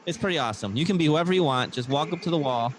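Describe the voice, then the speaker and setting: A male podcast co-host runs through a mock infomercial with playful, giggly salesman patter. His voice sits a bit high and swings widely up and down. A faint hum of ambience sits behind him. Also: animated, rapid-fire.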